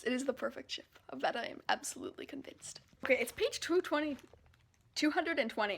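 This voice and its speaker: High-voiced gushing woman book vlogger. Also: fairly quick. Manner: gushing, emotional, excitable. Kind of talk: casual read-along reaction.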